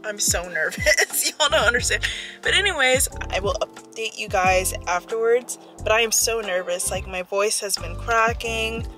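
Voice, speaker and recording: A woman's voice: medium pitch, normal speed, bright, forceful tone, soft background music, low-quality recording. A young woman vlogging casually from inside her parked car, chatty and giggly, talking to a dashboard camera. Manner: chatty, giggly, lots of filler "like". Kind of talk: casual vlog chat.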